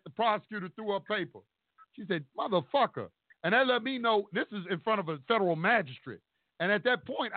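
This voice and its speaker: High-pitched guy animatedly telling his story, cussing a lot, sounds like a thin phone line. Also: no room sound. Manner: animated, profane, acts out courtroom exchanges. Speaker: storyteller recounting court experience. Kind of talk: casual storytelling. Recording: dry tinny phone-like sound.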